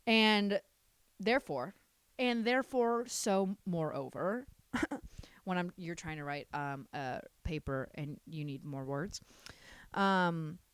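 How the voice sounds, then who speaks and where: A woman in her twenties hosting a casual solo podcast, talking in a sassy, animated way and swearing freely. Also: fairly low pitch, clear, resonant tone, no room sound. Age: 20s. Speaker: podcast host.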